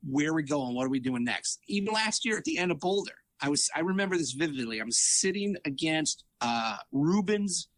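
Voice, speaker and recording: Animated man telling stories, dry sound. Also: on the high side, a little fast, hardly any pauses, dry recording. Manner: animated, acts out quoted dialogue, frequent fillers and restarts. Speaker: triathlete guest. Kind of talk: casual interview storytelling.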